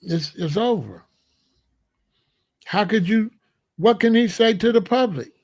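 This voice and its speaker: Emphatic high-voiced man ranting. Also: expressive, a little slow. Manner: emphatic, repetitive, incredulous rhetorical questions. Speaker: commentary channel host. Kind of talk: solo political commentary rant.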